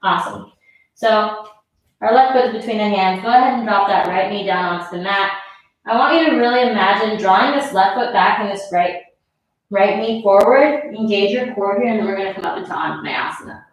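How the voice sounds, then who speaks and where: Brisk and medium-pitched, the yoga instructor talks over slight background noise. She's out of breath, tossing out casual encouragement and counting down each breath. The recording comes from a distant mic in a strongly echoing space.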